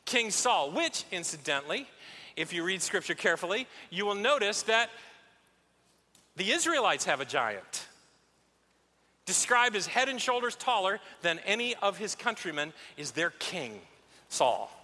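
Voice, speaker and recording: Bright-voiced male pastor in an echoing hall. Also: high voice, unhurried. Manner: animated storyteller, acts out scenes. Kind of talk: sermon. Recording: echoey hall.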